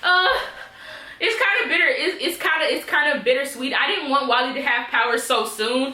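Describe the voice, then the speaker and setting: Woman vlogger, bright tense voice, fairly high, chatty, echoey room. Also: brisk. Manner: chatty, acts out the characters' lines. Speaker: TV episode reviewer. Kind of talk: casual vlog recap.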